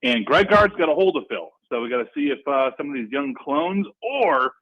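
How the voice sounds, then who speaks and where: Dude calling into sports radio, hyped and rambly, muffled phone sound. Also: male voice, a little high, a little fast. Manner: energetic, excitable, rambling. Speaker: regular caller. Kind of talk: casual sports talk radio call. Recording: dull lo-fi phone line.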